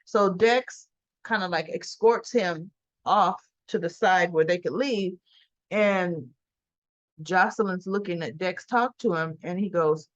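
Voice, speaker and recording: A woman talks through the latest soap opera episode in a relaxed, chatty way, slipping into the characters' lines as she retells each scene. Her voice sits at a middle pitch. The recording is dry and close, with a slightly dull, lo-fi tone. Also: measured pace, dry recording. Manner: chatty, acts out dialogue in quoted lines. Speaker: soap opera recap vlogger. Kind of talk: casual recap retelling scenes.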